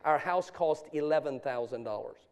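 A middle-aged man preaching from the pulpit, his voice pitched high. He tells his story in low, hushed tones, then builds into loud, impassioned calls to the congregation. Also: moderate pace. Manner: swings from quiet confessional storytelling to loud preaching. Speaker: pastor. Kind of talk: sermon.

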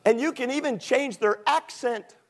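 Man, preacher, sermon, high-pitched voice, emphatic, shouts then drops low and quiet. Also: normal speed. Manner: emphatic, rhetorical questions, swings from loud shouts to low quiet asides.

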